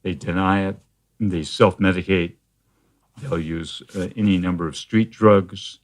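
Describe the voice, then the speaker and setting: A man with a very low, deep voice talks as a therapist being interviewed. He explains things in a measured, steady way, often pausing on fillers and restarting phrases as he goes. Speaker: therapist guest. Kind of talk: conversational interview.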